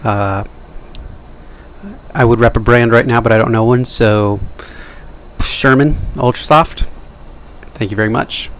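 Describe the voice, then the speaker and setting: A man's voice: mid-range voice, a little slow, long pauses, a little hiss or hum. Rambling joking young man on camera. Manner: jokey, self-deprecating, wandering asides. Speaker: vlogger. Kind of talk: rambling casual monologue to camera.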